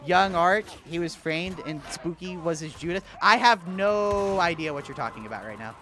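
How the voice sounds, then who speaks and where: A man's voice: on the high side, moderate pace, pushed and bright. Laid-back profane male game streamer. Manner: laid-back, profane, answers chat with sarcastic asides. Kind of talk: casual livestream chat while gaming.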